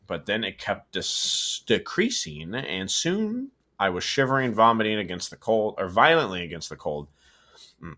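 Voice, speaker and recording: Reading a horror story aloud in a casual way, a man with a low, sharp voice stumbles, corrects himself, and tosses in asides. He also co-hosts the show.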